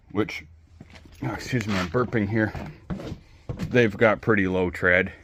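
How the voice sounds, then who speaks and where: A man chatting casually in his home garage, rambling, swearing freely and filling pauses with ums. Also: low voice. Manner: rambling, profane, relaxed, many ums. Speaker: hobby video creator.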